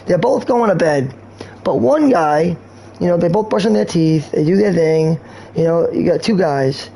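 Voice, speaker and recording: Rambling man with a mellow voice. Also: fairly high pitch, expressive, moderate pace, creaky, a little hiss or hum, poor audio. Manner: rambling, meandering jokes, crude. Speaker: gaming streamer. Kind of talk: rambling gameplay commentary.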